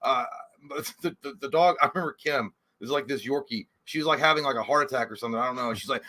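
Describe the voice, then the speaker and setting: A man's voice: a little high, quick pace, pushed and bright. A man co-hosting a casual live-stream chat, telling a story with lots of swearing and acted-out voices. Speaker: podcast co-host.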